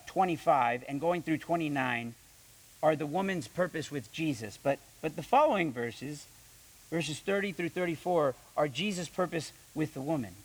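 Here a young pastor delivers an animated sermon, repeating words frequently as he reads from scripture and performs the quoted voices. The pitch runs slightly high, and the recording quality is low.

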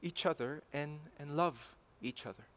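Guy preaching a sermon, kinda high voice, earnest, gets worked up and repeats himself. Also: normal speed, a bit bright. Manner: earnest, rising to emphatic passion, with repeated phrases.

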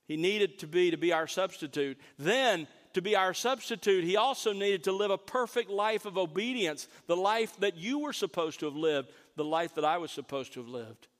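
Earnest preaching man, slightly high voice. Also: lively intonation, fairly bright tone, big-room sound. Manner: earnest preaching, stresses key words slowly. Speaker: pastor. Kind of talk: sermon.

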